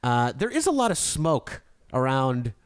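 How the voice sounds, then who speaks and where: A man's voice: medium pitch, unhurried, clear, resonant tone. A man co-hosting a podcast in casual, mocking chat. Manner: animated, mocking. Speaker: podcast co-host.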